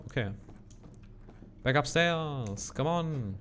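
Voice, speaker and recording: A man's voice: mid-range voice, animated, slow pace, pauses often, a little hiss or hum. A man narrating his horror game playthrough, muttering reactions, correcting himself and reading in-game text aloud. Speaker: gaming channel host. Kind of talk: let's play commentary.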